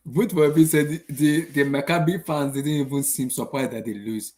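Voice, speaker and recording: A young man hosting a laid-back football channel vents after a game with lots of repetition and frustrated rhetorical questions. His voice leans high and a bit mellow, with fairly even intonation and a measured pace.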